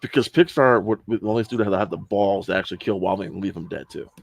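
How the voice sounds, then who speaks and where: A man's voice: fairly low pitch, fast, vocal fry. A man chatting casually about movies, eager and full of restarts. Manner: enthusiastic, stumbling restarts. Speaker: podcast co-host. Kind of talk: casual chat.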